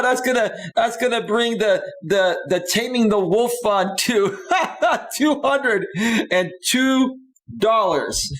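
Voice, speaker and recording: This is a man hosting a live stream, laughing through most of it and letting his words stretch out slowly. His voice sits fairly high for a man. Now and then he bursts into loud, excited thanks to his donors. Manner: slow, drawn-out delivery with loud outbursts. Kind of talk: live stream chat reading.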